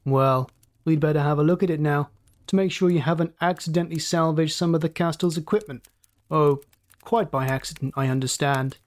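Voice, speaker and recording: A man's voice: a little high, normal speed, lightly acted. A reader voicing a cool, mocking male villain who drawls his threats in a storybook reading. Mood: cool menace.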